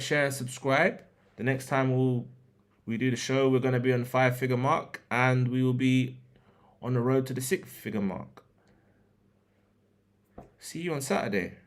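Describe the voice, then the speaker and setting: A man hosting a football podcast, reading match previews from a script with joking asides and restarts. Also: medium pitch.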